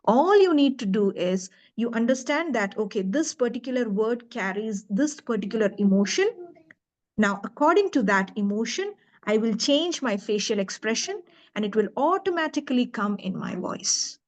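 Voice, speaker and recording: A woman's voice: on the high side, lively intonation, normal speed. A woman who coaches public speaking, answering interview questions on a video call with emphatic, demonstrative delivery. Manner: emphatic, demonstrates emotions in her voice.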